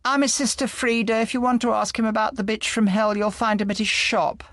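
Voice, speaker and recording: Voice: mid-range voice, flat delivery, brisk, fairly bright tone, no echo, studio quality, pitched above the performer's own voice, lightly acted. A reader voicing a harsh, rude woman in her late thirties in an audiobook. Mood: hostile.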